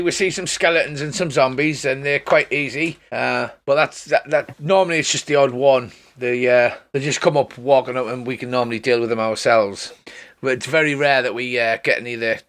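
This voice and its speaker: A man's voice: medium pitch, fairly even intonation, a little fast, fairly bright tone. A man narrating as game master in a casual tabletop session, rambling with chatty asides.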